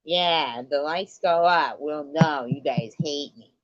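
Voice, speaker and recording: Blunt, slow-talking woman streamer. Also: deep voice, no echo. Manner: blunt, profane, laughs often. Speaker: livestream host. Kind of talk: casual live-stream chat. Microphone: computer mic on live stream. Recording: dull lo-fi stream audio.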